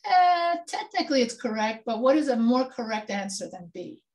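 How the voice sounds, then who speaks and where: Higher-pitched woman teaching grammar. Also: very animated, normal speed, a little mellow. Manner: patient, quizzing students with questions. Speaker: writing instructor. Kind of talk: online class session.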